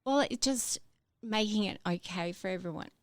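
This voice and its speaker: A woman telling her own story in a podcast interview, halting, with many fillers and restarts. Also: mid-range voice, no echo, clean studio sound. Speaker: interview guest.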